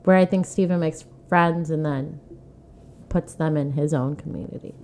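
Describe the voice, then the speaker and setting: A woman with a somewhat low voice hosts a relaxed podcast conversation. She talks in a chatty, loose way, full of "like" and acted-out quotes. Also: normal speed, a little hiss or hum. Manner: chatty, lots of "like", acts out quoted exchanges. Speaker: podcast host, comedy club manager. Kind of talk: casual podcast chat.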